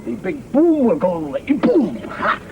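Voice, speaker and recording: A man's voice: extremely high pitch, big pitch swings, gravelly, dull audio, noisy background, voice pushed up, heavily acted. A comedian voicing a scheming, boastful male revolutionary. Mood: gleeful scheming. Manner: cackling, boastful, drawn-out. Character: scheming male Mexican revolutionary bomber, gleeful.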